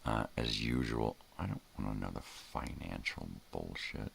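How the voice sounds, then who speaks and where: A man's voice: a bass voice, measured pace, gravelly, fairly bright tone, a little hiss or hum. An older man hosting a casual morning livestream, rambling in a laid-back way and drifting off into mumbles. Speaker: host.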